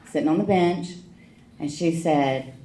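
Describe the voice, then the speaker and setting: Low-voiced middle-aged woman telling her story. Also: unhurried, warm tone. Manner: frank, wry storytelling with emotional emphasis. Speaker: AA speaker. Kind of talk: personal recovery story told to a meeting. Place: meeting hall. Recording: echoey meeting room.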